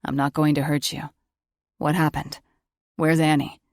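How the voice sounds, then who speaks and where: A woman's voice: deep voice, flat delivery, unhurried, no room sound, clean studio sound. A woman voicing a determined male shapeshifter who speaks firmly and urgently.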